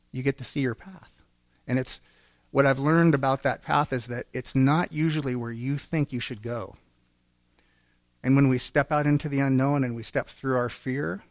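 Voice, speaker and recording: Man, gravelly, earnest church testimony, storytelling, dry recording. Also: medium pitch, dry recording. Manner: earnest, storytelling with acted-out quotes. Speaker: church speaker. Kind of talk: personal testimony sermon.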